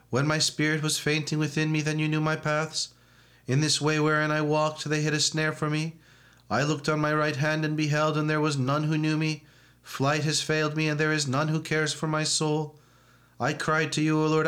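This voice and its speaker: A man reading and chanting psalms in a church service, with steady monotone intoning. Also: on the high side.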